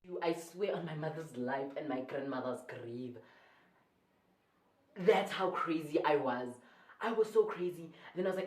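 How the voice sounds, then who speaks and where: A South African woman telling a casual storytime, rambling and excitable, often correcting herself mid-sentence. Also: low voice, normal speed, distant mic. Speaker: YouTuber. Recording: echoey room, voice away from the mic.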